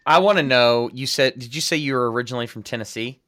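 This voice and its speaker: A man's voice: medium pitch, fast talker, sharp tone. A man hosting a podcast, casual and self-deprecating as he opens the episode and chats. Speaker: podcast host. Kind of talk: conversational interview.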